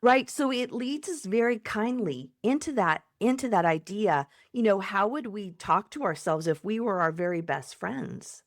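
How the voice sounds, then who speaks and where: Gentle woman psychotherapist giving advice. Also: mid-range voice, expressive, moderate pace, few pauses, dry recording, studio quality. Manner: gentle, acts out soothing self-talk. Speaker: psychotherapist and coach guest. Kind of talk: warm conversational advice.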